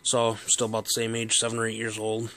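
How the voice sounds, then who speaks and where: A man's voice: on the low side, monotone, a little fast, fairly bright tone. Man rambling through a childhood story. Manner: rambling, chuckling, many "you know" fillers. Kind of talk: casual personal storytelling.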